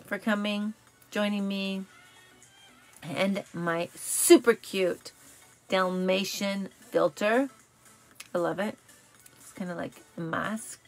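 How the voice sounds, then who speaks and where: A woman hosting a casual live stream, chatty and self-correcting, telling corny jokes and riddles, her voice slightly raspy from talking all day. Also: mid-range voice. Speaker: live show host.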